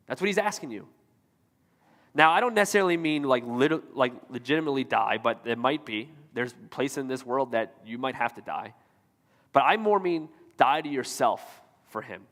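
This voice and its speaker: A man's voice: mid-range voice, lively intonation, moderate pace, fairly bright tone, long reverb tail. A man pastor delivering a sermon, preaching emphatically and repeating rhetorical questions to the congregation. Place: church auditorium.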